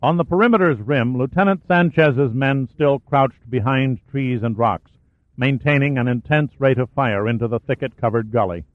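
A man narrates an audiobook in a steady, even voice at a middle pitch. The sound is narrow like a phone line and bone dry, with no room in it. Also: moderate pace, no echo. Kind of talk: scripted narration of a war thriller.

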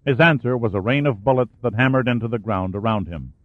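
A man's voice: medium pitch, fast talker, dry recording. Man narrating a war thriller, tinny. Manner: steady storytelling, lifts and raises his voice for shouted dialogue. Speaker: audiobook narrator. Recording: dry, tinny phone-like sound.

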